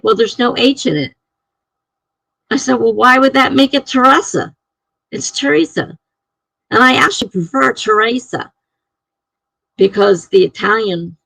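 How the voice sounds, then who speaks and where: A woman's voice: mid-range voice, creaky, fairly bright tone, breathy edge, no echo, low-quality recording. A middle-aged woman streaming live, chatting casually and chuckling as she reads out viewer comments.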